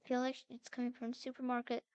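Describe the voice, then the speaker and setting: A young woman with a high, clear, smooth voice narrates her character in a role-play game. She talks slowly and calls out with growing worry as she searches. The recording is close and dry. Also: monotone, no echo, muffled recording. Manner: anxious, calling out, worried searching.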